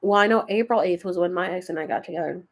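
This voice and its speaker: A woman's voice: on the low side, fast. A woman hosting a casual spiritual livestream, chatting and rambling, often losing her thread.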